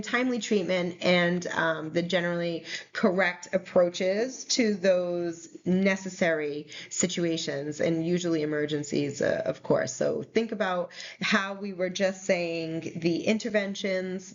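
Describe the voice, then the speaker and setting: A woman's voice: on the low side, dull audio. A woman teaching a recorded nursing lecture in a conversational, explanatory way with frequent fillers. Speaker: nursing instructor.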